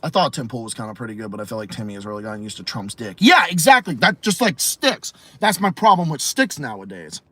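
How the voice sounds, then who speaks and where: With no room sound, this Massachusetts man talks fast and sing-song, barely pausing, in a bright, forceful, medium-pitched voice. Hosting a livestream podcast in his local accent, he fields chat with profane, blunt, opinionated rants.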